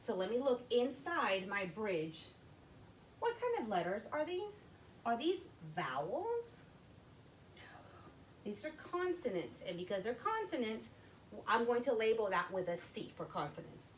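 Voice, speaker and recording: A woman teaching young children to read, walking through each step slowly and patiently. Her pitch swings widely as she speaks, and a faint hiss sits under her voice. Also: very animated, poor audio. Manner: slow, step-by-step, addressing children. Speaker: literacy teacher. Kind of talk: classroom phonics lesson.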